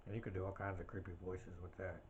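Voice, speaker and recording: A man with a fairly low voice chats on his own podcast from home. He drifts from topic to topic, stopping often to fill gaps with "uh" and "you know." A faint background noise sits under the recording. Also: level tone, quick pace, lo-fi sound. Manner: rambling, tangent-filled talk with many fillers. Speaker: podcast host. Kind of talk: casual solo podcast chat.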